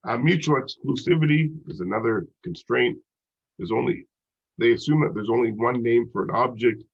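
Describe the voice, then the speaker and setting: Gravelly, congested man lecturing casually. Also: fairly low pitch. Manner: casual, rambling with many "like" and "you know" fillers. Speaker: psychology instructor. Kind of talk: recorded lecture. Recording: dull lo-fi recording.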